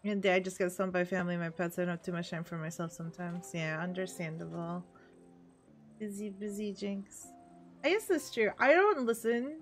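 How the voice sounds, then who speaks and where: A woman's voice: lowish voice, moderate pace, soft background music. A young woman streamer chatting casually with her chat while playing, laughing often. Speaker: VTuber streamer.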